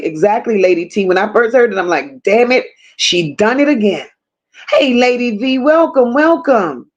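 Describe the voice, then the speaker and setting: A woman's voice: fairly high pitch, lively intonation, moderate pace, highs cut off. A woman hosting a livestream, casually greeting viewers by name and reading their comments, affectionate slang and frequent swearing. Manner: reads chat names aloud, affectionate slang and swearing. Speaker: livestream host.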